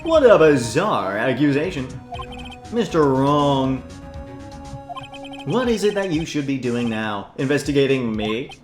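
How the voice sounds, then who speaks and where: A man voicing a pompous, scheming middle-aged male villain, haughty and theatrical with drawn-out words. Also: medium pitch, sing-song. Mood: smug. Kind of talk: fan voicing of a game playthrough. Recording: roomy echo, game music. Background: game music.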